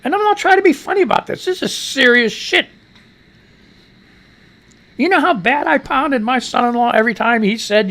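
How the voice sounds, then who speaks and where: A man's voice: extremely high pitch, expressive, normal speed, pauses often, fairly bright tone. A middle-aged American man hosting a live radio news show, rambling and profane, talking back to himself as he reads the news. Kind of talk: casual live-stream news commentary.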